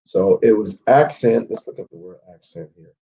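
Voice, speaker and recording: Male Bible teacher with a warm, dark voice, leading a live study and checking in often with listeners. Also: fairly low pitch, moderate pace, vocal fry, lo-fi sound. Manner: checks in with frequent "okay?"; walks through maps and word studies on screen. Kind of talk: live Bible history lesson.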